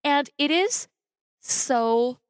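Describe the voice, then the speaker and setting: A woman's voice: high-pitched, expressive, extremely slow, no echo, studio quality. A woman co-hosting a podcast, chatting casually about a film in an underground parking garage, laughing often and thinking aloud. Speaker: podcast co-host. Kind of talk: casual movie review chat.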